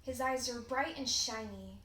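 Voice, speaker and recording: A teenage girl reads a children's storybook aloud, expressive and deliberate. Her voice is fairly high. The recording is roomy and echoey, with a faint hum behind it. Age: teens. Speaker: storybook reader. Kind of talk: children's read-aloud narration.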